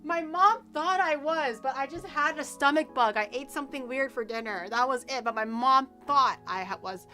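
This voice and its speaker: A woman streamer chats casually and tells animated stories. Her voice sits high and bright. Soft music plays underneath. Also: moderate pace, hardly any pauses. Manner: animated storytelling with laughs. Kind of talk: casual chat.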